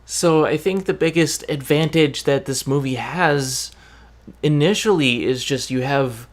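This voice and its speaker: Podcast host, slow deliberate delivery, restarts while explaining views. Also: mid-range voice. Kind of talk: casual chat.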